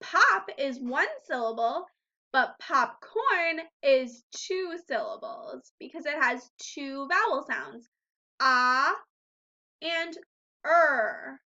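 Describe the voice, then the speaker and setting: A woman teaching phonics to young children in a high, bright voice. She talks slowly and clearly, stretching out sounds and praising often. The recording is a little dull and lo-fi. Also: very animated. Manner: slow, clear, encouraging teacher talk with drawn-out sounds. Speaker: first grade teacher.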